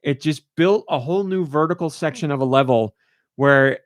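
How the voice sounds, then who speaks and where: A man's voice: a little high, normal speed, no echo, clean studio sound. A man hosting a podcast, chatting casually and gushing with enthusiasm. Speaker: podcast host.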